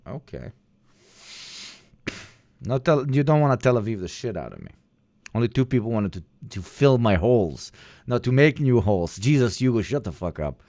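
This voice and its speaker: A man's voice: medium pitch, big pitch swings, moderate pace, vocal fry, long pauses, warm tone, no echo, clean studio sound. A man streaming live and reacting to clips with casual, profane jokes.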